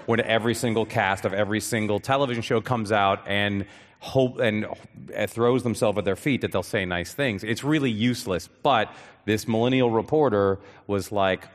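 A man as a guest on stage, chatting casually with deadpan, self-deprecating jokes and halting restarts. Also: lowish voice. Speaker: guest actor. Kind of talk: casual interview chat. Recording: live hall reverb.

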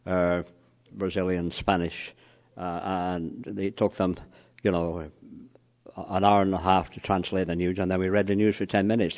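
Deep-voiced man giving a conversational lecture. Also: darkish tone. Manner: anecdotal, conversational, quizzes the audience; frequent "you know" fillers. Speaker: lecturer on cross-cultural communication. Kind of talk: lecture to a live audience.

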